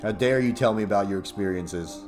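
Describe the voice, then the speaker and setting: A man's voice: lowish voice, brisk. A young man chatting casually and profanely on a livestream, rambling and laughing often. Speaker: streamer. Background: music playing.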